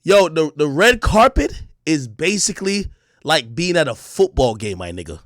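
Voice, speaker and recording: Excitable man telling a story on stream. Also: on the high side, moderate pace, no room sound, studio quality. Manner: excitable, profane, shouts when reenacting moments.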